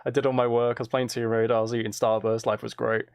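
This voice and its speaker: A man's voice: mid-range voice, little pitch movement, fast talker, smooth, no room sound. A man chatting casually on a live stream, reading out viewers' messages and hesitating often.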